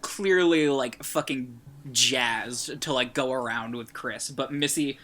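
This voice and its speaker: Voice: medium pitch, takes it slowly, crowd noise. A podcast co-host casually retelling a film's plot with lots of filler words. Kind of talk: casual movie discussion.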